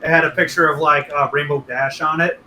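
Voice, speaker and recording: A young man on a casual podcast, telling crude stories with animated energy. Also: on the high side, fairly quick. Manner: animated storytelling, crude jokes, voices friends. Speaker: podcast regular telling a story. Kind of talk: casual chat. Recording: echoey room with faint noise.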